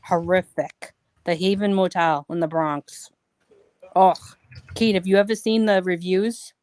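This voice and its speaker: A woman's voice: on the low side, steady tone, measured pace, darkish tone, clear, resonant tone. A woman co-hosting a casual chat, emphatic and repeating words for effect. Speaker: co-host.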